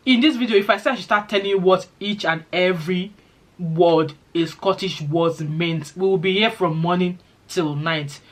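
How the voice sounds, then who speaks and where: Fast-talking Nigerian woman vlogger. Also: on the low side. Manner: fast-talking, lively storytelling. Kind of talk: casual chat to camera.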